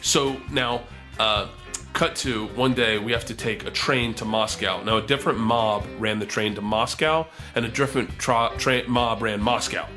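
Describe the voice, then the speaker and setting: A man telling a wild comedy story, animated and profane, acting out the quotes. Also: mid-range voice, normal speed, faint music behind.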